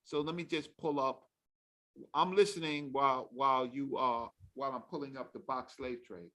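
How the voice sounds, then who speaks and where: Male guest, bright tone, halting, restarts often. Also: medium pitch, steady tone. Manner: halting, restarts when explaining. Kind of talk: casual discussion.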